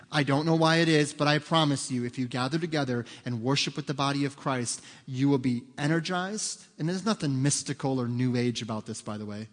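A middle-aged man preaching a sermon as pastor, lively and joking, acting out small bits of dialogue. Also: mid-range voice. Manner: lively, joking, acts out voices of children. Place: church sanctuary. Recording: long hall reverb.

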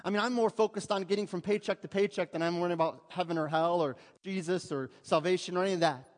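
A man's voice: high-pitched, quick pace. A man preaching a sermon to a church congregation, talking conversationally and asking the listeners rhetorical questions. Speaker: pastor. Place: church sanctuary. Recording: long reverb of a church hall.

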